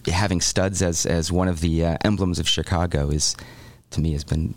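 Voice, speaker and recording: A man's voice: low voice, fairly even intonation, moderate pace, dry recording. A man who is a guest scholar chatting casually on a radio show, laughing easily. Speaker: guest, oral history scholar.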